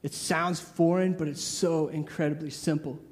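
A man preaching a sermon in a lively, casual way, acting out the voices of the people he talks about. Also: fairly high pitch, moderate pace, in a large hall. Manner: lively, acts out crowd voices, casual asides.

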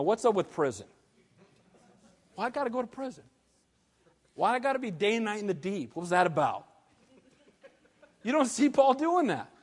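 A man preaching a sermon as pastor, animated and conversational, with casual slang. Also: very high voice. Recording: long hall reverb.

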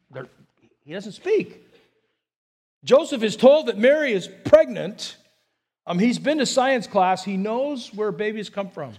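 A man's voice: high voice, expressive, measured pace, long pauses, darkish tone. A male pastor preaching a sermon, asking the congregation rhetorical questions and repeating words as he builds his points.

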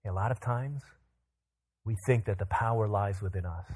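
A man in his thirties preaching a sermon, telling Bible stories with lively acted-out quotes. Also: lowish voice, moderate pace, breathy edge. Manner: animated storytelling, acts out quotes in bursts. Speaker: pastor.

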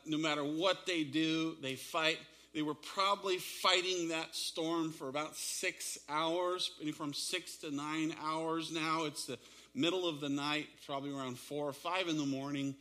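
Bright-voiced preacher retelling a story. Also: male voice, a little high, unhurried. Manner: animated, dramatic retelling with shifting pace. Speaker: pastor. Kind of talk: sermon storytelling.

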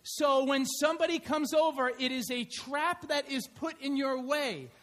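A man preaching a conversational sermon in church, telling stories in an animated way. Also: very high voice, measured pace. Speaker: pastor. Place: church sanctuary.

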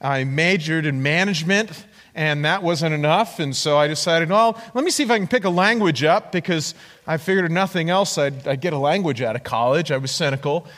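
A man with a somewhat high voice preaches in a church hall with a long, ringing echo. He tells his testimony as an animated story and acts out the voices of the people in it. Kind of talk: sermon with personal testimony.

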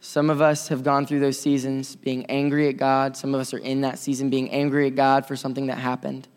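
A man's voice: mid-range voice, monotone, fairly quick, smooth. Impassioned preacher man in a reverberant hall. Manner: impassioned preaching, swinging between loud and soft. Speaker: pastor. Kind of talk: sermon.

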